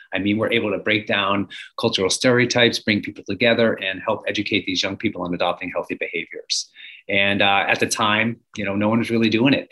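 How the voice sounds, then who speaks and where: A man's voice: on the low side, fairly bright tone. A man in his forties, a guest telling his story in an earnest, reflective way with some fillers. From United States. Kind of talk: conversational storytelling.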